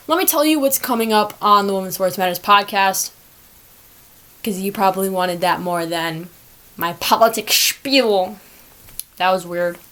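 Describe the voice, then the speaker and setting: A woman's voice: mid-range voice, a bit bright. A young woman hosting a sports podcast on her own. She chats casually and rambles, breaking off into asides to herself. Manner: chatty, rambling, self-talking asides. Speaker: podcast host. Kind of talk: casual solo podcast chat.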